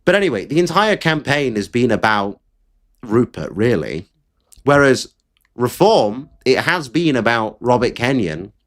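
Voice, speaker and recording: A man's voice: medium pitch, big pitch swings, unhurried. A man giving blunt, exasperated solo political commentary, with the odd swear word. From Britain.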